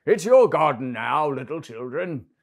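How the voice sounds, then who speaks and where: Brief: gentle storybook giant, old and huge, big booming delivery, man doing the voice. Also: sing-song, measured pace, exaggerated voice. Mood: fond. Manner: booming, old-fashioned speech. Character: huge lonely kind-hearted old male giant.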